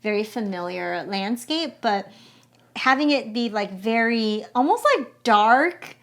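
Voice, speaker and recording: A woman's voice: fairly high pitch, expressive, measured pace, fairly bright tone. A woman co-hosting a podcast, chatting casually and enthusiastically with lots of filler words. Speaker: podcast co-host. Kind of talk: casual chat.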